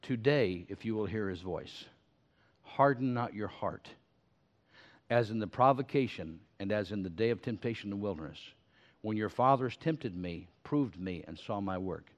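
A man intoning scripture as a stern, sorrowful divine speaker, in a slow, weighty cadence. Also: lowish voice, expressive, natural voice. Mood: solemn. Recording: slightly muffled sermon recording.

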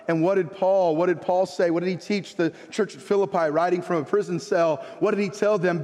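A man preaching a sermon as pastor, impassioned and rising into emphatic, high-pitched exhortation. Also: a little fast, few pauses, a little mellow. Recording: reverberant hall.

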